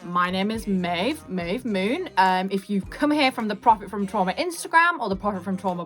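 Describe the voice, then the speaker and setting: A woman's voice: mid-range voice, lively intonation, normal speed, few pauses, fairly bright tone, faint music behind. Candid young woman vlogging. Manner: frank, earnest and emphatic, repeats phrases for stress. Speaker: YouTube host. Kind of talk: candid personal vlog talk.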